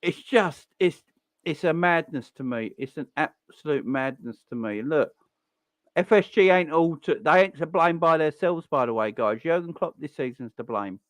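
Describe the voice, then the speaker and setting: Expressive and fairly high-pitched, a young fan channel host rants about football at a moderate pace on a live stream. He sounds exasperated, goes over the same points repeatedly, and swears occasionally; the audio has no room sound.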